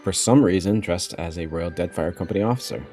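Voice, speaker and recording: Deep guy reading game text and rambling thoughts on it, quiet music under. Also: brisk. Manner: musing, loose and chatty asides. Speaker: game lore narrator.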